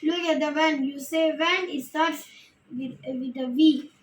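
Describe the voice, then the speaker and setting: A woman teaching phonics and reading a children's book aloud, slowly and carefully, word by word. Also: sits high, steady tone, slight background noise. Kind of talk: slow phonics lesson and read-aloud. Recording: echoey room.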